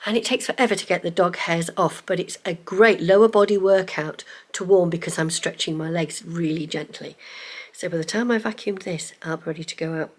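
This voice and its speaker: A middle-aged woman, talking casually to camera at home in a vlog, chatty and excitable and often dropping into a whisper. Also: on the low side. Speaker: vlogger. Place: home, indoors.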